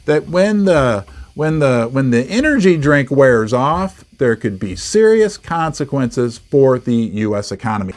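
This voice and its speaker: Animated middle-aged male market host. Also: mid-range voice, unhurried, few pauses. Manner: animated, emphatic, repeats words for stress. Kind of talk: casual market commentary.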